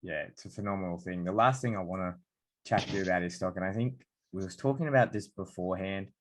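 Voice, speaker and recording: A man hosting a podcast, chatting casually and telling stories in a relaxed way. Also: low-pitched, quick pace, a little hiss or hum. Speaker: podcast host, dietitian. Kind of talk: casual interview chat.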